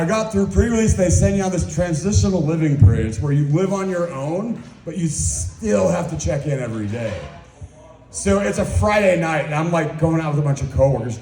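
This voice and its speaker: A man's voice: on the high side, warm tone, echoey room. A young man doing a crude, rambling, self-mocking stand-up set in a small club. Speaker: stand-up comedian.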